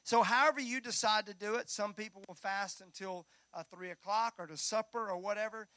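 A male pastor preaching a Sunday sermon in a church, energetic and joking with the congregation. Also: high voice, a little fast, no room sound. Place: church sanctuary.

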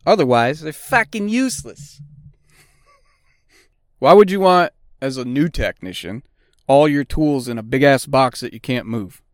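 A man's voice: mid-range voice, animated, normal speed, no room sound, studio quality. A middle-aged man hosting a podcast, talking bluntly and swearing constantly in a casual monologue. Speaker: podcast host; auto technician.

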